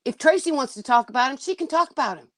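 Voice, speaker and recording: Fast and expressive, this woman's high, fairly bright voice comes through on a dry recording. As a livestream host, she airs her frustrations to chat with indignant bluntness and the occasional curse word.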